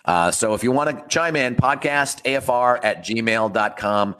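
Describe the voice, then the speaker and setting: A man's voice: mid-range voice, moderate pace, fairly bright tone, clean tone. A man hosting a sports podcast, joking casually and wrapping up the show. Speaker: podcast host.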